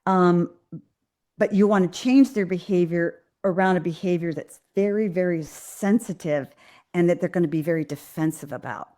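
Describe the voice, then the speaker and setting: A woman hosts a live Q&A, answering viewers' parenting questions earnestly and directly, with frequent ums and restarts. Her voice is lowish and mellow at a moderate pace.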